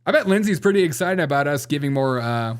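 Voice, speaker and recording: A man's voice: on the high side, lively intonation, fast, clear, resonant tone. Sarcastic male host, chatty commentary. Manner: sarcastic, laughs often, reads viewer comments aloud. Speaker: show host. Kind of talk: casual political commentary.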